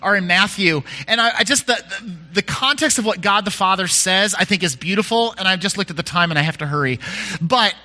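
A man's voice: high-pitched, a little fast, sharp tone. A male pastor giving a conversational sermon, candid and self-deprecating, often restarting his sentences.

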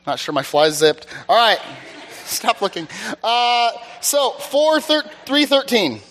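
Man, preacher, casual teaching sermon, higher voice, bright tone, self-deprecating, chatty. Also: big pitch swings, takes it slowly. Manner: chatty, self-deprecating, keeps checking in with "all right?". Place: church service.

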